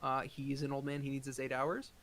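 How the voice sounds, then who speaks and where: A man's voice: medium pitch, completely flat delivery, a little fast, fairly bright tone, slight background noise. A man running a tabletop game as game master, narrating casually with frequent hesitations.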